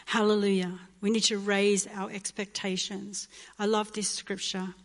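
A woman pastor preaching a fervent sermon, reading scripture slowly and emphatically. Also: mid-range voice, flat delivery. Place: church hall. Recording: live church recording with long reverb and loud music. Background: worship music.

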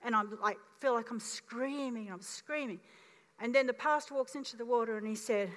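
Woman pastor, fifties, high voice, animated sermon storytelling, long church-hall reverb. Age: 50s. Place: church auditorium.

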